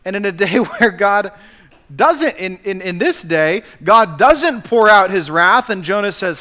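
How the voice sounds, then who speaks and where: A man's voice: high voice, expressive, unhurried, sharp tone. A man preaching a sermon as pastor, earnestly acting out the quotes he cites.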